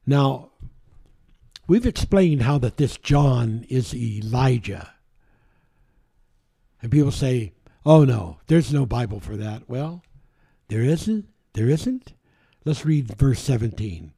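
A man preaching a sermon, reading scripture aloud and explaining it, with halting restarts and drawn-out key words. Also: medium pitch, animated, vocal fry, dark tone, slightly rough.

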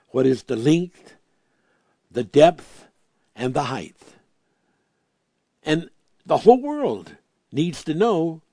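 Emphatic male preacher, slightly high voice. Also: no room sound, clean studio sound. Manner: emphatic, repeats words for stress, reads scripture slowly; swings from loud proclamations to quiet asides. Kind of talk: sermon.

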